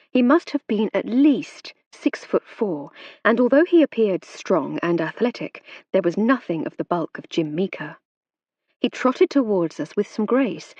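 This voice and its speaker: Expressive woman audiobook narrator. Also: mid-range voice, no echo, dull audio. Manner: expressive, varied storytelling. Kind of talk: scripted narration.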